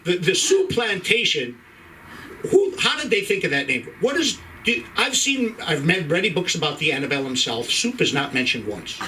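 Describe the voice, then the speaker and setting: A man's voice: sits high, big pitch swings, normal speed, bright, forceful tone, far from the mic, a little hiss or hum, low-quality recording. A middle-aged man from Ireland doing a profane stand-up set in a comedy club, working the crowd with stammering restarts.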